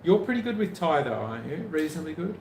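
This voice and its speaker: A man's voice: a little high, very animated, quick pace, vocal fry, a little mellow. A man chatting casually on a live stream. He jokes a lot, pokes fun at himself and rambles off on side thoughts. The room is echoey, with a faint hum of ambience behind him. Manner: joking, self-mocking, rambling asides. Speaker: co-host of a travel livestream.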